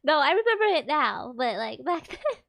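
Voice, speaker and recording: Giggly high-voiced young streamer woman. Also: big pitch swings, normal speed, fairly bright tone. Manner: giggly, chatty, talks to chat. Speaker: gaming streamer. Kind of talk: casual chat with viewers.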